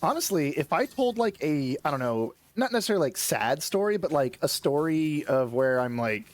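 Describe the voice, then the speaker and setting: A man's voice: fairly high pitch, very animated, moderate pace. A man in casual stream chat who rambles, laughs often and swears freely.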